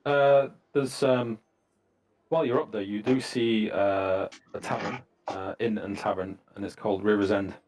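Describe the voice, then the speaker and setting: A man running a tabletop game, narrating in a fairly low voice. He pauses often and fills the gaps with ums as he describes the scene to his players. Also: vocal fry. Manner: relaxed, halting narration with many fillers. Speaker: game master.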